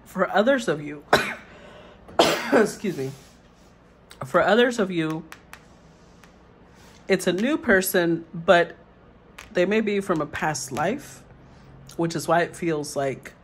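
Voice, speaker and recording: A woman's voice: lowish voice, expressive, slow pace, long pauses, a little hiss or hum, rough recording. A woman tarot reader who reads the card meanings aloud and then muses over them in a casual way.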